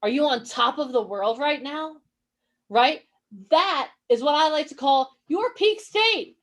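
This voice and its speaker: A woman's voice: sits high, expressive, unhurried, fairly bright tone. A woman coaching actors and models in a motivational online workshop. She talks energetically, encourages her listeners and keeps asking them questions.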